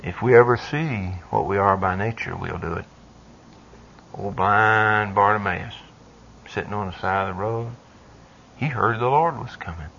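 A man preaching a sermon with a husky voice, rising from quiet asides to loud pleading cries. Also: lowish voice, unhurried, pauses often, slight background noise. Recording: dull lo-fi sound.

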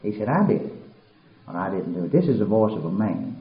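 A man preaching a sermon, dropping to a hush and then building to shouted, climbing peaks. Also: sing-song, fairly quick. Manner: swings from hushed and low to soaring shouted peaks. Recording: roomy, dull lo-fi recording.

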